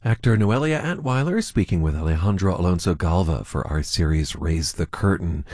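Low-voiced man announcing on radio. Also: expressive, moderate pace, a little mellow, no room sound. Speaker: radio program host.

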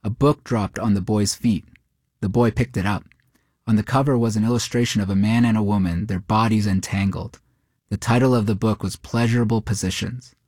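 A man narrating a short story in a steady, measured way. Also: on the low side, no echo, clean studio sound.

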